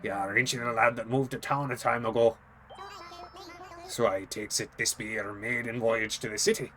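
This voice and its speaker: A woman playing a gruff old sea captain. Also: rumbling low, fairly even intonation, normal speed, a bit bright, a little hiss or hum, voice pushed down. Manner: salty sailor talk full of yars and fish names. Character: gruff old seafaring male bus captain.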